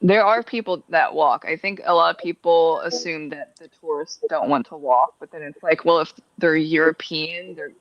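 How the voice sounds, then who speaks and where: A woman's voice: low voice, moderate pace, few pauses, lo-fi sound. A woman from the Washington, D.C. area chatting casually as a guest on a video call, laughing between thoughts. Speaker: livestream guest. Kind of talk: casual chat.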